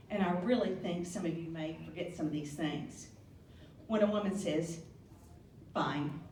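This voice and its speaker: A woman's voice: on the low side, a little mellow, slight background noise. A woman giving a playful, teasing toast at a supper, laughing at her own jokes. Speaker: toast speaker at a Burns supper. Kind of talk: humorous after-dinner toast. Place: banquet hall. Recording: echoey hall from far off.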